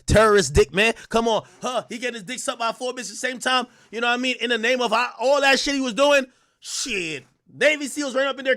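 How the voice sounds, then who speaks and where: A man streaming live, telling stories loudly and animatedly, acting out quotes and laughing often. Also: very high-pitched. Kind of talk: livestream commentary.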